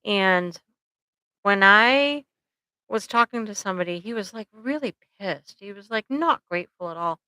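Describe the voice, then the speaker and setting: A woman therapist talks casually to her viewers on a live stream, tossing in "like" and "right?" as she goes. Her voice is bright and smooth. It is recorded dry and close on a computer microphone. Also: mid-range voice, lively intonation, normal speed, no room sound, poor audio. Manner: chatty, conversational, frequent "like" and "right?" tags; directly addresses viewers.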